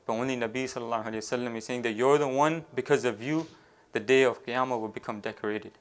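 A man preaching a storytelling sermon, halting often with fillers and restarts and weaving in devotional phrases. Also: medium pitch. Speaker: Islamic preacher.

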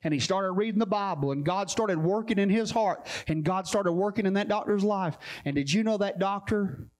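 A man's voice: sits high, normal speed, a little mellow. A man preaching a sermon as a pastor, telling a story with emphatic repetition.

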